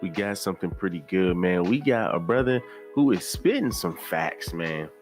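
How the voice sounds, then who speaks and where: A man hosting a casual commentary video, talking in a relaxed, conversational way and repeating words for emphasis. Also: sits low, moderate pace, soft background music. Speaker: YouTube commentary host.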